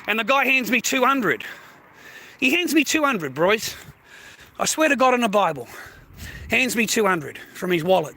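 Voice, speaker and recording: A man's voice: high-pitched, sing-song, normal speed, pauses often, sharp tone. An older Australian man rambling casually to his livestream viewers, swearing constantly and calling the listener mate and bro. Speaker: livestream host.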